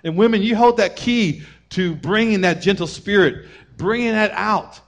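A male pastor delivers a lively sermon in a voice that sits a little high for a man. He talks to the congregation in a casual, conversational way and slips into short acted-out bits of dialogue. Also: normal speed. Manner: energetic preaching, acts out family members in raised voices.

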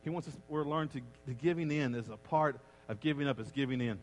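A middle-aged man preaching a sermon as a pastor, animated and acting out the voices he quotes. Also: mid-range voice, a little fast, a little hiss or hum. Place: church sanctuary. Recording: long reverb of a large church hall.

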